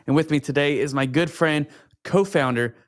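A man's voice: on the high side, moderate pace, slight background noise. A man co-hosting and introducing a podcast in a friendly, casual way, laughing along with his co-host.

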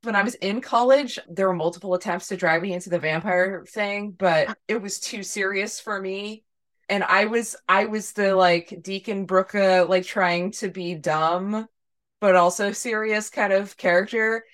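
A woman chats animatedly on a podcast, quick to laugh. Her voice sits in a medium range. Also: mid-range voice, fairly even intonation, fairly bright tone. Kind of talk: casual chat.

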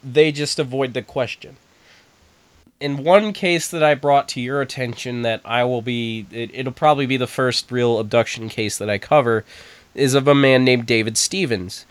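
Guy on a podcast, smooth voice, kinda high, keeps restarting himself, dry close sound. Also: dry recording. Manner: animated and halting, with restarts. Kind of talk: casual podcast chat.

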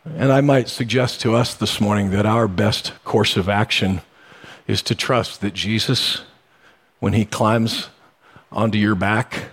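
A man preaching a sermon as pastor, telling stories in a conversational way with sudden animated bursts. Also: on the low side, breathy edge.

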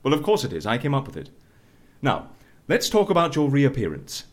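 A dry, sardonic agent. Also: male voice, mid-range voice, huge pitch swings. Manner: brisk and teasing, rattles off rapid questions. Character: dry, sardonic male agency agent, unflappable. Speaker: agent of a secret death-faking agency. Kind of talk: audio drama acting.

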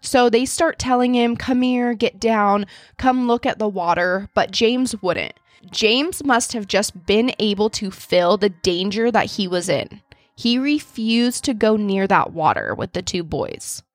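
A woman hosting a true crime podcast, telling the case in a steady storytelling way and reading out quotes. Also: medium pitch, no echo. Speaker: podcast host.

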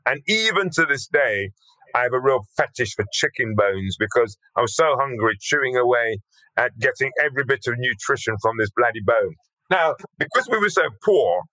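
A man's voice: mid-range voice, pushed and bright, dry recording, low-quality recording. An older man from Birmingham, a podcast guest telling his life story in a blunt, earthy, emphatic way with casual swearing. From Birmingham, England. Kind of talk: storytelling interview talk.

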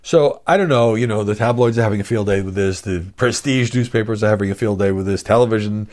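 A man's voice: lowish voice, fast, darkish tone. A man hosting a podcast, giving casual, skeptical media commentary with frequent fillers. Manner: reads a quoted statement aloud. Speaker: podcast host.

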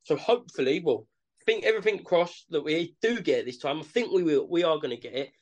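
A man's voice: fairly high pitch, expressive, fast, darkish tone. A man with an East London accent co-hosting a podcast, talking casually and jokily about boxing. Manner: laid-back, jokey, says mate. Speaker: podcast co-host.

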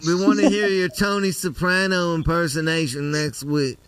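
A man hosting a live show, bantering loudly and joking with callers. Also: on the high side, steady tone, moderate pace, over a noisy crowd. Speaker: host.

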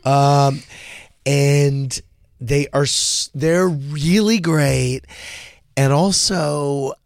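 A man's voice: fairly high pitch, drawn-out words, creaky, no room sound, clean studio sound. A middle-aged man hosting a podcast, telling gossipy stories in a casual, chatty way with lots of fillers. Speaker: podcast host.

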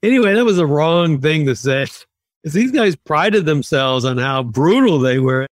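A man in his sixties from Massachusetts, a guest on an interview podcast, telling lively self-deprecating anecdotes. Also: a little high, measured pace, no room sound, studio quality. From Massachusetts, USA. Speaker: podcast guest, former submarine commander. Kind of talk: conversational interview storytelling.

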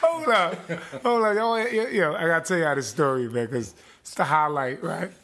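A man's voice: a little high, moderate pace, background noise. A man in casual chat who cuts in energetically to tell a backstage story, laughing as he goes. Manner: energetic, interjecting, telling a backstage anecdote.

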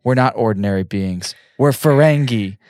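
A man's voice: medium pitch, moderate pace, a little mellow, dry recording, studio quality, lightly acted. A man reading the lines of a smug, scheming male alien trader from a script in a plain voice. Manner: read aloud plainly, half-laughing.

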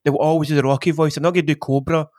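A man co-hosting a podcast in casual chat, rambling with many restarts and quick agreement. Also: on the high side, flat delivery, a crowd in the background. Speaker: podcast co-host.

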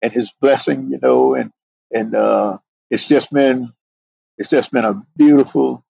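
Husky, gravelly middle-aged man telling his story. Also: medium pitch, fairly even intonation, a little slow, dark tone, dry recording, low-quality recording. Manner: earnest, fills with "you know". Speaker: podcast guest, police sergeant. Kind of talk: heartfelt storytelling interview.

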